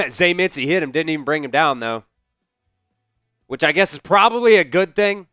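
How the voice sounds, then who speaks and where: A man's voice: a little high, lively intonation, normal speed, pushed and bright, smooth, dry recording, clean studio sound, faint music behind. A man hosting a live-stream football watch-along, calling plays and venting at his team while answering the chat. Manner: frustrated, talks back to chat, swears. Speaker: host doing live play-by-play. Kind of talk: casual live-stream commentary.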